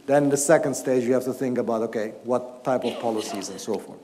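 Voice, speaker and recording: A man, an economics professor, giving an explanatory academic talk and answering questions, often pausing and restarting his sentences. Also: mid-range voice, mellow, big-room sound, a little hiss or hum. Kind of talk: academic lecture and Q&A. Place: lecture hall.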